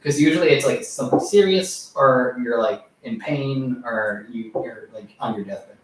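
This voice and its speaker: A man's voice: medium pitch, moderate pace. A man co-hosting a casual talk show, chatting loosely with lots of "like" and "you know". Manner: loose, filler-heavy speech with many "like" and "you know". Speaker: podcast co-host. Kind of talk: casual chat. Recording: echoey room, far from mic, faint noise.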